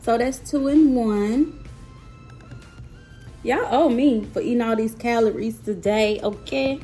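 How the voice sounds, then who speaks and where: Slow-talking woman, chatty vlogger. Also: fairly high pitch, dark tone, soft background music. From Mississippi, USA. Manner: chatty and playful, talking straight to viewers. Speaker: mother and vlogger tasting snacks. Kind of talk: casual chat to camera.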